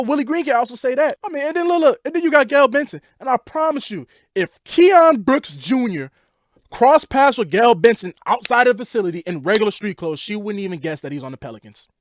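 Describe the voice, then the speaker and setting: A young man with a high, bright voice hosts a casual sports vlog. He rants like an exasperated fan, and his pitch swings widely from one phrase to the next. The recording is close and dry, with no room sound. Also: a little fast, no room sound. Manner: animated, exasperated fan rant. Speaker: sports podcast host.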